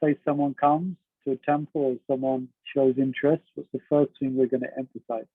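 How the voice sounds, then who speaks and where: A man's voice: medium pitch, level tone, a little fast, husky, no room sound. A man teaching a class on a devotional text in a conversational way, asking his students questions and laughing often. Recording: dry, narrow phone-like sound.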